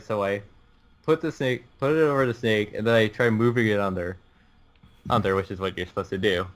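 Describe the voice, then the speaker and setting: A teenage boy on a podcast telling a long rambling story, laughing through it and restarting his sentences. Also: lowish voice. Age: teens. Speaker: podcast co-host. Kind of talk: casual storytelling chat.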